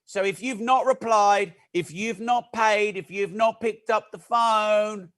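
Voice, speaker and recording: A man leads a live online masterclass, his voice pitched high for a man. He talks fast and chatty, breaking off to joke with viewers and call out their names. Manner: energetic, chatty, jokey asides to viewers. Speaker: masterclass host. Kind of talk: live-streamed teaching talk.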